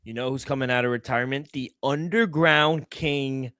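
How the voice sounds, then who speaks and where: Smooth-voiced man on a dry mic. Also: medium pitch, steady tone, normal speed, bright, forceful tone, dry recording. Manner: laid-back, reads ad spots. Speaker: podcast co-host. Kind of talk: casual sports betting chat.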